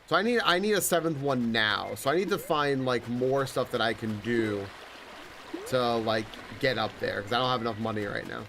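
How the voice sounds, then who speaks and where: A man's voice: mid-range voice, moderate pace, vocal fry, sharp tone, slight background noise. A young man streaming a video game, musing casually to himself and his chat, with lots of filler words. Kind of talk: live gameplay commentary. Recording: game music underneath.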